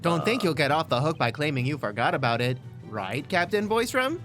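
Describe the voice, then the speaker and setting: A co-host on a game stream, reading lines and teasing the others in bright banter. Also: mid-range voice, very animated, a little fast, music in the background. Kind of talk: live let's-play commentary and reading dialogue.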